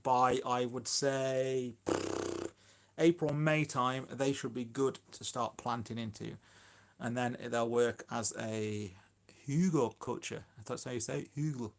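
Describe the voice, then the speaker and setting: A man's voice: mid-range voice, level tone, slow. A man chatting casually on a phone live stream about his allotment, rambling and self-deprecating. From Shropshire, England.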